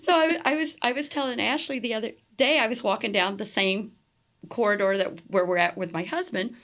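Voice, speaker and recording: A woman's voice: a little high, fairly quick. A middle-aged woman, a podcast guest, telling stories in conversation with lots of laughter and acted-out voices of the people she quotes. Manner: animated, laughs often, acts out quoted people. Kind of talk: storytelling in conversation.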